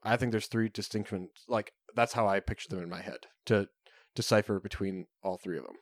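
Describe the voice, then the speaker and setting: Rambling low-voiced man, casual chat. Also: dry recording, clean studio sound. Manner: rambling, halting, many fillers. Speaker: podcast co-host.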